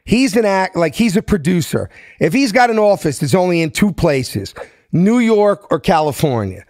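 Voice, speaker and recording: A man's voice: a little high, no echo, studio quality. A man in his fifties from South Philadelphia with a Philadelphia accent, telling a story in an interview and acting out every voice. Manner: animated, acts out the voices in his anecdotes. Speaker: guest.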